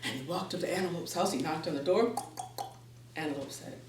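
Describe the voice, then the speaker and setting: A woman's voice: low voice, brisk, long pauses, slight background noise. Lady telling folktales at the library, playful, mic kinda far, echoey room. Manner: playful and expressive, laughs through the telling. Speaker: storyteller and educator. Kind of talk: folktale storytelling to a live audience. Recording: roomy, distant mic, faint background.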